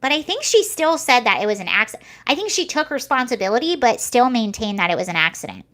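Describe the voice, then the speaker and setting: Chatty young woman vlogger, higher voice. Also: big pitch swings, quick pace, fairly bright tone. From United States. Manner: chatty, rambling, many fillers and restarts. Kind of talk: casual commentary to camera.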